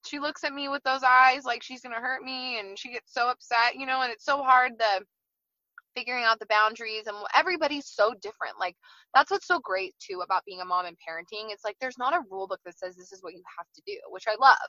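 A woman's voice: fairly high pitch, fast, bright, forceful tone, dry recording, lo-fi sound. A woman talking candidly from her car as a guest, often repeating words as she starts a thought. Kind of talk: casual chat.

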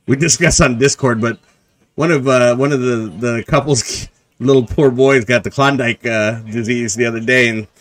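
A man's voice: mid-range voice, fairly even intonation, moderate pace. A man co-hosting a podcast in casual banter, joking and rambling, laughing often. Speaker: podcast co-host.

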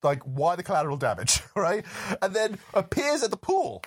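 A film podcast co-host chatting casually about a horror movie, rambling through run-on thoughts stuffed with "like" and "literally" and the odd swear. The pitch swings widely, rising and dropping with every excited point. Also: normal speed, slightly rough.

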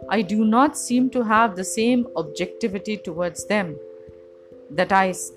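Calm woman teaching over music. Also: medium pitch. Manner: measured, reflective, lists examples deliberately. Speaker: spiritual teacher. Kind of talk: calm philosophical lecture. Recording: music playing behind.

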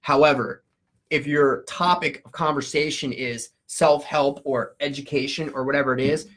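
A man's voice: mid-range voice, fairly even intonation, moderate pace, a bit bright. A man hosting a podcast, telling stories in casual chat, earnest, with many stammered restarts. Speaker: podcast host.

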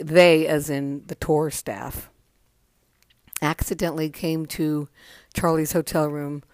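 A woman's voice: low-pitched, darkish tone, no room sound. A woman telling stories on her podcast, overtired, rambling and correcting herself as she goes. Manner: rambling, self-correcting, acts out quotes. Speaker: podcast host. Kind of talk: casual storytelling monologue. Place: home.

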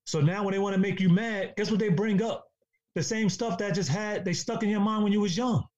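A man's voice: sits high, fairly even intonation, brisk, a little mellow. A man in a casual podcast discussion, talking in an emphatic, preachy way and repeating himself for stress. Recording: dull lo-fi sound.

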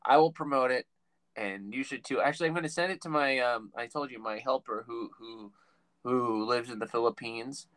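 A male podcast host chats casually in an interview, telling rambling stories that keep stopping and restarting as he interrupts himself. His medium-pitched voice is a bit bright at a moderate pace, on a dry, rough recording.

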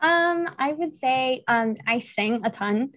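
A young woman guest in a podcast interview, cheerful, pausing often with ums. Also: high-pitched, animated, a bit bright. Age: young adult. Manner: cheerful, hesitant with many ums. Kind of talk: casual interview chat.

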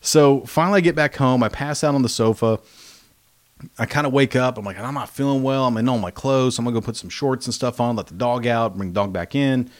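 Man, livestream host, rambling storyteller, mid-pitched casual voice. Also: a little fast. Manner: rambling, animated retelling with acted-out quotes. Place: home, spare bathroom.

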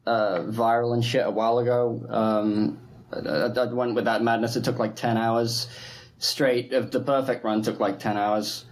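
A man's voice: medium pitch, flat delivery, moderate pace. A man chatting casually as a guest, laid-back, with lots of fillers and laughter. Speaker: guest gamer. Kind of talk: casual group chat.

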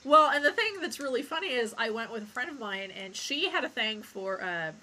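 A woman's voice: a little high, expressive, a little fast, sharp tone, slight background noise. A young woman co-hosting a podcast in crude, frank, giggly casual chat. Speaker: podcast co-host.

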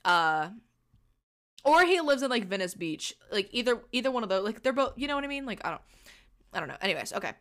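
A young woman hosts a podcast, reading a goofy fanfiction aloud and breaking off for joking comments. Her voice is bright and a little high, and it swings widely in pitch as she reads. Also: sing-song, quick pace. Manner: playful, laughing, swearing, switching between reading and asides. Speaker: podcast host.

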